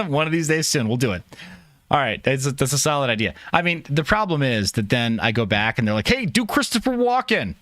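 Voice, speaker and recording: A man's voice: mid-range voice, animated, fairly quick, a bit bright, dry recording, clean studio sound. A man hosting a livestream, chatting casually in a joking, rambling, self-mocking way. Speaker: livestream host.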